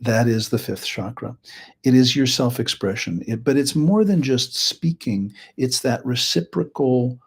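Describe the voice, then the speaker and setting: A man's voice: mid-range voice, measured pace, slightly rough. A middle-aged man hosting a live teaching talk, chatty and rambling, with joking asides. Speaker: host and healing practitioner.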